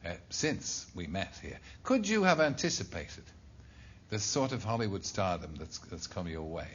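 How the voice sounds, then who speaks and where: A man's voice: low voice, very animated, normal speed. A man hosting a talk show, introducing a guest and asking wry, teasing questions. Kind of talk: chat show interviewing. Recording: dull lo-fi TV recording with faint hiss.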